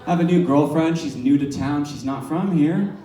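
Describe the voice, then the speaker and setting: A man's voice: fairly high pitch, moderate pace, warm tone. A male stand-up comedian telling profane, rambling stories at a bar. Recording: echoey bar from a distance. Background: laughing crowd.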